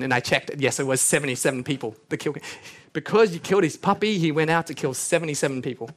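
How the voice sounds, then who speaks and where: A male pastor preaching a sermon, earnest, with joking asides and scripture read aloud. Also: fairly high pitch. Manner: lively, joking asides between earnest points; reads scripture aloud with rising intensity.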